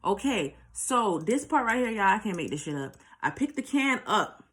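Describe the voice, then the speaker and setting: A woman from New York delivers a storytime monologue on her vlog, speaking straight to viewers, candidly and with lots of cussing. Her voice is medium-pitched and a bit bright, very animated, at normal speed.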